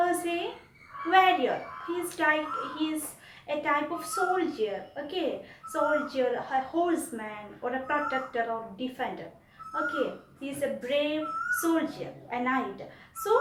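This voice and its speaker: Woman teacher from india, high voice, slow deliberate pace, repeats for kids, echoey room, off mic. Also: distant mic, background noise. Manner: repeats and explains slowly to children. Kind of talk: online class lesson.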